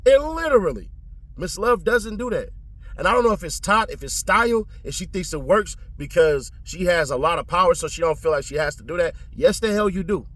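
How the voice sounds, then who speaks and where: A man with a somewhat high voice gives casual trial commentary in a blunt, profane, slang-heavy way. He leaps even higher in pitch to stress a point. Each remark comes straight and unfiltered.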